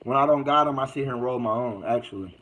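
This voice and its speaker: A man's voice: medium pitch, fast, a bit bright, low-quality recording. Man, livestream host, casual slangy preaching, repeats himself, faint noise. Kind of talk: casual livestream chat reading comments.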